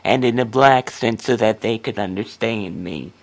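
A man telling a story in a comedy sketch, in a deadpan, unhurried way. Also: on the low side.

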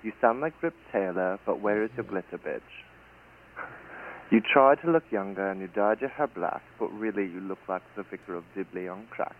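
A man's voice: lowish voice, moderate pace, slight background noise, lightly acted. A man doing a catty, fake-posh lady caller. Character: haughty caller posing as a British lady. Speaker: voicemail caller. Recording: tinny phone voicemail.

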